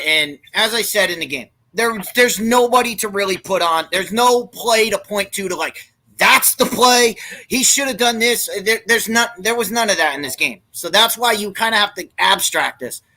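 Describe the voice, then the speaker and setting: A man hosting a casual sports talk, excitable and prone to stammering and repeating himself. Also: sits high, moderate pace, poor audio.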